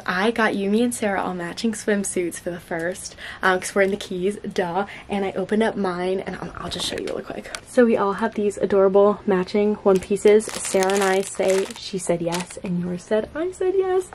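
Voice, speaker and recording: A woman's voice: medium pitch, darkish tone, a little hiss or hum. A young woman filming a casual vlog to camera, bubbly and gushing as she talks about her sister. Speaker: vlogger, sister of the bride-to-be.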